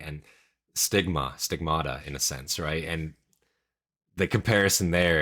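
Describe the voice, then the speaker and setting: A man's voice: very deep voice, a bit bright. A man streaming a casual reaction, rambling and thinking aloud with many fillers.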